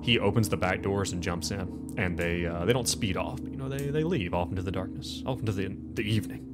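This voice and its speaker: A man's voice: low voice, a little fast, over loud music. A man running a tabletop game as game master, rambling with many "like"s and restarts as he sets the scene and acts out characters. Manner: rambling, full of restarts and "like", acts out NPC lines.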